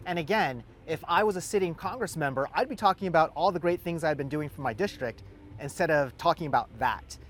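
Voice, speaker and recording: A man's voice: a little high, a little fast, a little hiss or hum. A man who is a congressional candidate, answering a news interview in a pointed, critical way.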